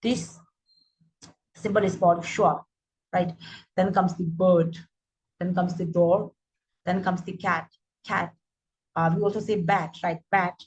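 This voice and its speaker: A woman's voice: lowish voice, fairly even intonation, slow pace, pauses often, a little hiss or hum, low-quality recording. A woman, teaching English phonetics. She repeats example words and often checks in with "right?". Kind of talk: phonetics lesson.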